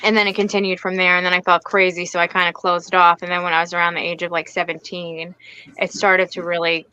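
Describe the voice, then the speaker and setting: A woman guest author talking in a soft, hesitant way on a casual livestream video call, often trailing off mid-thought. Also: on the low side, level tone, quick pace, clean tone, dry recording, low-quality recording.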